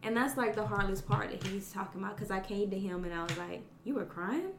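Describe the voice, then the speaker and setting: A woman's voice: medium pitch, fairly even intonation, quick pace, vocal fry, fairly bright tone. A woman speaks hesitantly and reflectively, with frequent laughter. She is chatting casually as a podcast guest. The room around her is echoey, with faint background noise. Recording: roomy echo.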